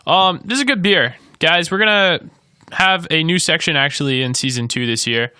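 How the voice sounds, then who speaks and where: A man's voice: fairly high pitch, moderate pace, pushed and bright, clean tone, no echo, studio quality. A man co-hosting a casual podcast chat, rambling and joking with many restarts. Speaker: podcast co-host.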